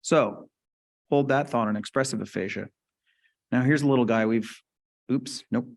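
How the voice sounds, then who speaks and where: A man giving a webinar lecture in an energetic style, often checking in with 'right?'. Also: mid-range voice, normal speed, creaky. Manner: energetic, tags points with 'right?'.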